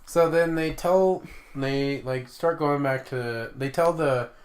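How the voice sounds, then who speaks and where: A man co-hosting a casual podcast, talking through a movie's plot in a loose, halting way with lots of fillers. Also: medium pitch. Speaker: podcast co-host. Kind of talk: casual movie recap chat.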